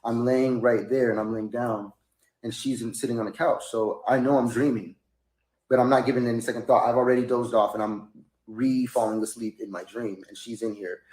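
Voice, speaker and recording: A man's voice: fairly even intonation, brisk, darkish tone. Rambling man telling a story in an echoey room. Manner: rambling, rising to high-pitched outbursts when quoting himself. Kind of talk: casual storytelling monologue.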